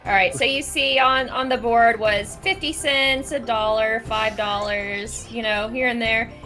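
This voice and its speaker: Bright-voiced woman running a tabletop game. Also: fairly high pitch, fairly even intonation, unhurried, soft background music. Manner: loose and giggly, lots of "like" fillers. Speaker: game master.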